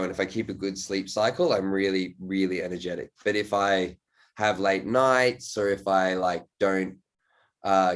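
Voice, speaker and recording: A man hosting a podcast talks in a loose, rambling stream with an easy, offhand swear here and there. His voice sits somewhat low. It is casual chat among friends. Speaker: podcast host.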